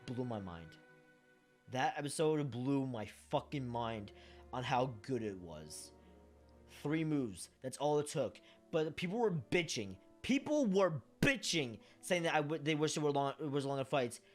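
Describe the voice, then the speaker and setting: A man's voice: mid-range voice, animated, unhurried. Guy rambling about his fave show, lots of ums, swears, gets emotional, faint music. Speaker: fan sharing memories. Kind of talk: casual monologue vlog.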